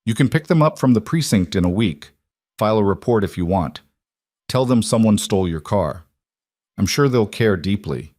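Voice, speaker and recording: A cold, controlled mafia boss voiced by a male narrator, his words low, clipped and commanding. The voice sits on the deep side and is recorded close and dry, like a storybook audio drama. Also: lively intonation, normal speed, darkish tone, no echo. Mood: menacing.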